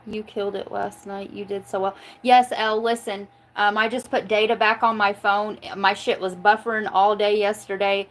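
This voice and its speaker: A woman's voice: medium pitch, little pitch movement, moderate pace, few pauses, fairly bright tone, a little hiss or hum, poor audio. A woman from Oklahoma, a tarot reader on a live stream, chatting casually with her viewers, joking, swearing freely and laughing often. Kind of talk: casual livestream chat.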